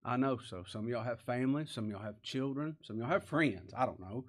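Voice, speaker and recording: Pastor guy preaching hard, gets loud then goes quiet. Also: medium pitch, brisk. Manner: impassioned, rising and falling emphasis. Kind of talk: sermon.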